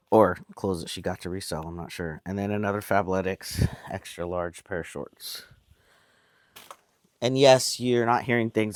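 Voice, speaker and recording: Talking casually at home, an American man with a lowish voice rambles about the yard sale finds he's reselling, amused at himself. The chatty vlog was recorded dry, with studio quality.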